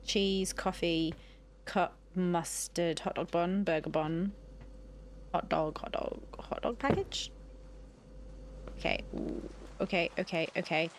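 A woman's voice: lowish voice, takes it slowly, pauses often, slight background noise. Woman gaming host, flustered play-along commentary, chatty, panicky asides. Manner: flustered, chatty, talks to game characters.

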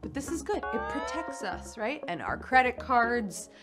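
A woman's voice: a little high, big pitch swings, a little slow, over loud music. A young woman hosting a live quiz show, playful and punny, chatting with her players. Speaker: game show host. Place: studio in New York.

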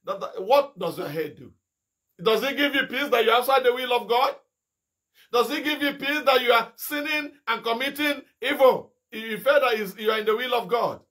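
A fiery male evangelist from Nigeria preaching a sermon in a high, ringing voice. He is bright and piercing in tone, firing off rhetorical questions and sudden shouted rebukes. A middle-aged preacher who swings between scolding and exhortation. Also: moderate pace.

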